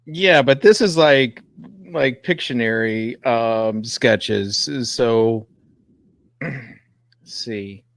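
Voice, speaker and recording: A man's voice: mid-range voice, extremely slow, long pauses, dry recording. A man who is a guest on a casual chat, talking in a dry, joking way.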